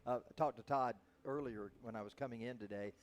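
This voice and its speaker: A man's voice: medium pitch, fast talker. A man in his seventies hosting a show, chatting casually and laughing often with his guest. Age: 70s. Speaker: host. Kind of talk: casual broadcast chat.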